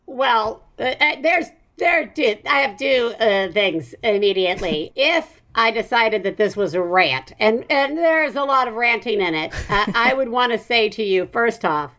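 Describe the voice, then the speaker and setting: Brief: woman podcast host, a bit high-voiced, rambling and self-deprecating, laughs easily. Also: fairly bright tone. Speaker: parent. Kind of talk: casual podcast chat.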